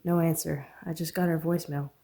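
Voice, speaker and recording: A man's voice: a little high, little pitch movement, fairly quick, creaky, mellow. A woman reading a supportive male friend in an audiobook, reassuring though shaken.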